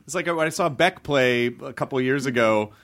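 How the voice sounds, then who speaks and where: A man's voice: mid-range voice, a little fast, a bit bright. A man co-hosting a podcast, chatting casually and thoughtfully working through ideas at length. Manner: thoughtful, explains ideas at length with small acted asides. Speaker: podcast co-host.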